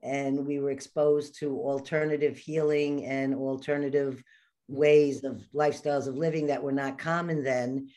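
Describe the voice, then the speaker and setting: A woman's voice: rumbling low, level tone, dark tone. Older New York woman telling stories. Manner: storytelling, quick bursts with repeated false starts. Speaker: podcast guest. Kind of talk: casual interview chat.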